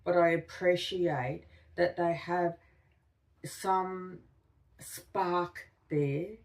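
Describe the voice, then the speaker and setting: Deep-voiced woman, slightly off-mic. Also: fairly even intonation, very slow, far from the mic. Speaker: podcast co-host. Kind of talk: reflective casual conversation.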